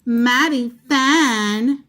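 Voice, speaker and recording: A woman voicing a bratty, rough little girl in a read-aloud storybook, huffy and drawling. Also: fairly high pitch, extremely slow, fairly bright tone, pitched above the performer's own voice.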